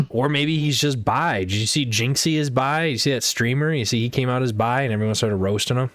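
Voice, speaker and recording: A man's voice: mid-range voice, normal speed, a crowd in the background. A man hosting a livestream chat with friends, telling gossip in slangy, profane speech with frequent laughter. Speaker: livestream host. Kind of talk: casual chat.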